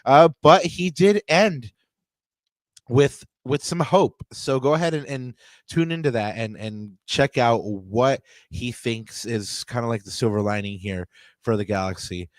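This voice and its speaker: A man's voice: mid-range voice, a little slow, no echo. Rambling male soccer podcast host. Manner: rambling, many fillers and restarts. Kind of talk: casual sports podcast chat.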